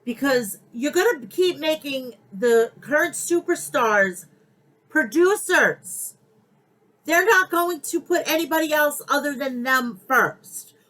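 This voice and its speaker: A woman's voice: high voice, expressive, slow pace, a bit bright, poor audio. A middle-aged woman hosting a podcast, ranting bluntly and heatedly about pro wrestling with heavy swearing. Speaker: podcast host. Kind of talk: wrestling opinion rant.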